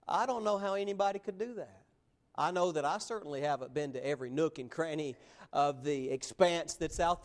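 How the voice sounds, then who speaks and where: Earnest high-voiced male preacher. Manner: plain-spoken, earnest, emphatic with slow drawn-out phrases. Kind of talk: sermon.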